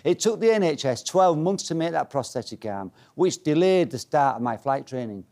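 Brief: man, stage speaker, fairly high voice, playful and self-mocking. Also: animated, moderate pace, a little mellow. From Yorkshire, England. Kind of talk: humorous motivational talk to a live audience.

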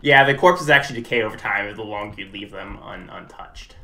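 A man's voice: fairly low pitch, brisk, sharp tone. A young man doing chatty live gameplay commentary for a charity stream, reading game dialogue aloud.

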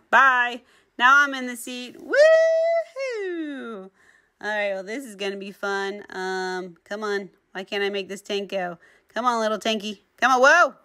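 A woman's voice: on the high side, sharp tone. A middle-aged woman giving playful, chatty commentary on her own gameplay as the channel's host, exclaiming often.

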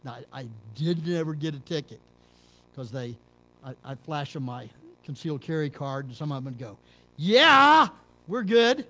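A middle-aged man from Texas, a pastor preaching a sermon in a church, dropping to low murmurs and rising to loud emphatic peaks. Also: normal speed. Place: church sanctuary.

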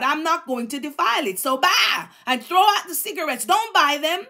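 A woman's voice: high voice, expressive, moderate pace, sharp tone. A middle-aged woman preaching a sermon in a fervent, exhorting way, repeating phrases for emphasis.

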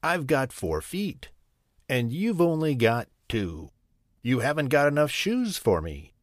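Man voicing a vain hungry tiger, boastful, threatening, lively, dry close recording. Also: medium pitch, slow pace, dry recording, pitched above the performer's own voice.

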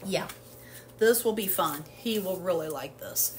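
A woman's voice: fairly low pitch, animated, measured pace, a little hiss or hum. Chatty woman rambling through a haul. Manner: rambling and chatty with many fillers. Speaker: haul vlogger. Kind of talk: casual product haul chat.

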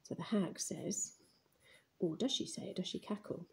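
A woman's voice: lowish voice, moderate pace, gravelly, a little mellow. A woman teaching a primary class writing lesson, narrating as she writes and murmuring words while she writes them, recorded on a phone camera pointed at the page. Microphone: phone camera filming the page.

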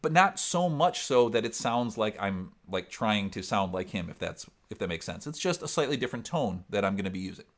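A man's voice: fairly low pitch, lively intonation, fairly quick, hardly any pauses. A man with an upper Midwest American accent and a resonant voice, explaining singing technique step by step in a vocal lesson. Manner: explains step by step, breaks into sung demonstrations. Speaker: singer and vocal coach.

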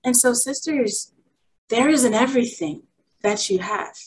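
A woman's voice: a little high, unhurried, a little hiss or hum, rough recording. A young woman speaking at a women's workshop, sharing an emotional personal testimony in a heartfelt, candid way.

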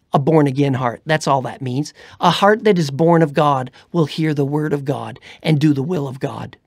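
A woman's voice: low voice, dry recording. Fervent woman preacher, dry close sound. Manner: fervent, swings between loud urging and hushed whispers. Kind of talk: preaching, prophetic exhortation.

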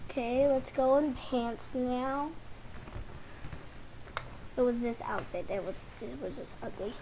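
A woman's voice: fairly high pitch, slow, mellow, a little hiss or hum, poor audio. A young woman casually rambling to her viewers while sorting through game items. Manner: rambling, chatty, talks to viewers. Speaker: gaming channel host. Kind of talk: casual commentary over gameplay.

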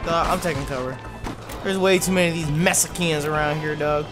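A man's voice: fairly high pitch, fairly even intonation, fairly quick. A man hosting a let's play, talking casually, swearing and calling everyone "dog" as he plays. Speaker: gaming host. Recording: over loud game music.

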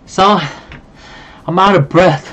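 An excitable streamer chatting to viewers during an online card game, who keeps apologizing to them. The talk is unhurried overall, with the pitch sitting in a middle range. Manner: excitable, apologetic, talks to chat. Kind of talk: casual live-stream chat.

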